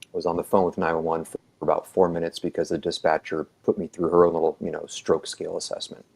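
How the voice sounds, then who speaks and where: A man's voice: deep voice, level tone, fast, vocal fry, a little mellow, breathy edge. A man casually telling a long personal story on a podcast, full of "um"s and restarts, acting out what people said. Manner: rambling, filler-heavy, acts out quoted dialogue. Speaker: EMT telling his story.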